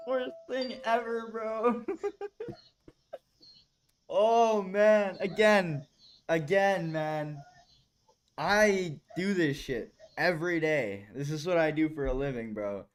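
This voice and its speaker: A young man talks on his stream, reacting to a video with casual commentary. He swears often and laughs in exasperation, his voice sitting a little high. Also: slow.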